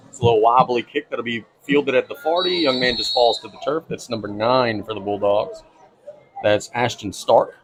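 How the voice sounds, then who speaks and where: A man calling play-by-play for a high school football game, brisk and easygoing, chuckling now and then. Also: a crowd in the background, low-quality recording. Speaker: play-by-play announcer.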